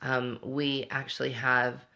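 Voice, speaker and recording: A woman's voice: rumbling low, little pitch movement, slow pace, vocal fry, bright, forceful tone. A middle-aged woman hosting a casual livestream, talking reflectively and answering viewer comments as she goes. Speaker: homeschooling parent and show host.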